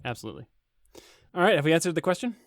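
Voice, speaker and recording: A man's voice: a little high, sing-song, very fast, no room sound, clean studio sound. Chuckling man in his forties, podcast co-host. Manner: chuckling storyteller. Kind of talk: casual podcast chat.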